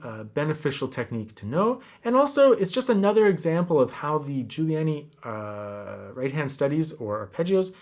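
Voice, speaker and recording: A man giving a classical guitar lesson, explaining technique in a relaxed way and counting beats aloud. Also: a little high. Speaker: guitar teacher. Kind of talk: instructional lesson talk. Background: classical guitar playing.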